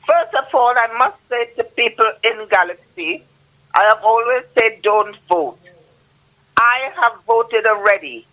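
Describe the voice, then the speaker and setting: A woman's voice: on the high side, lively intonation, measured pace, muffled recording. A woman calling in to a radio phone-in show, who argues insistently and counts off her points one by one. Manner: insistent, lists numbered points. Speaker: caller.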